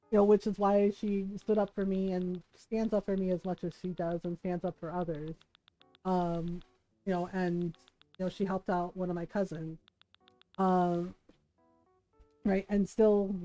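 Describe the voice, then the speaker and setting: A woman streamer chatting casually, telling a family story in an animated way and giggling often. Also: medium pitch, no echo, poor audio. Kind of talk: casual chat while gaming.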